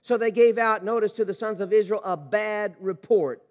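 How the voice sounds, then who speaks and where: A man preaching a sermon as pastor, reading scripture and commenting with animated emphasis. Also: sits high, normal speed, in a large hall, muffled recording. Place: church sanctuary.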